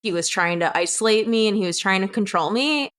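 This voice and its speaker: A woman's voice: medium pitch, lively intonation, fairly quick, fairly bright tone. A young adult woman, a guest on the show, recounting a personal story in a blunt, candid way and swearing freely. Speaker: podcast guest.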